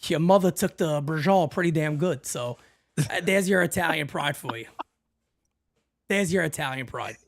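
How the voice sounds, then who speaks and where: A man's voice: fairly high pitch, moderate pace, gravelly. A man from the Bronx with a Bronx New York accent, co-hosting a fan talk show in casual chat, brash and swearing freely.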